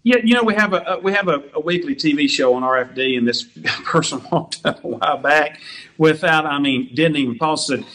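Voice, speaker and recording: A man's voice: on the high side, fairly quick, a bit bright. A man telling funny road stories as a guest on a talk show, laughing as he goes. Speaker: guest musician. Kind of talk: casual storytelling on a talk show.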